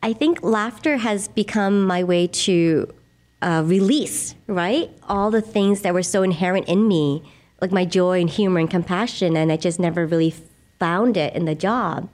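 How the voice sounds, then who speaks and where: A middle-aged woman guest, a laughter yoga leader, speaking in an earnest, gentle, reflective way in a conversational interview. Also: lowish voice, normal speed. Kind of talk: conversational interview, guided exercise.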